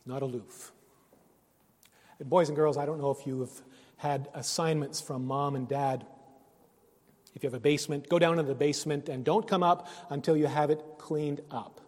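A man's voice: fairly high pitch, fairly even intonation, normal speed. Preaching man in a reverberant hall. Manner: earnest, swings between loud emphasis and hushed phrases. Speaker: pastor. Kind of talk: sermon.

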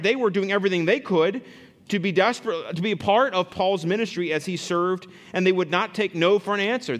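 A man preaching a sermon as pastor, earnest and lively, often restarting phrases as he explains scripture. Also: high voice, long reverb tail.

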